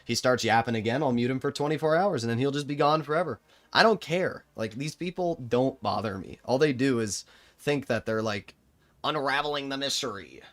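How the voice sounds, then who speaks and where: A man's voice: medium pitch, brisk. A young man streaming a tank game live, giving sarcastic, exasperated commentary to his chat. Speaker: gaming streamer.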